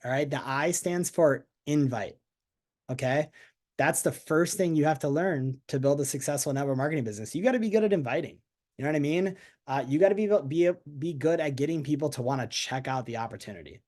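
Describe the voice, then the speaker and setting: An energetic man speaks on a video call, leading a team meeting in a chatty, upbeat way. His voice sits a little high for a man. He keeps asking his listeners to answer in the chat. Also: brisk. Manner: energetic, chatty, asks the audience. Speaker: network marketing team leader. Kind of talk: motivational team call talk.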